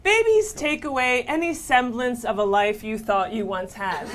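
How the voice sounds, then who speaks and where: A woman's voice: sits high, sing-song, a little slow, fairly bright tone, slight background noise. A woman competing on a comedy panel game, talking off the cuff and laughing at herself. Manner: chatty, laughs often, self-mocking. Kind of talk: improvised comedy speaking game.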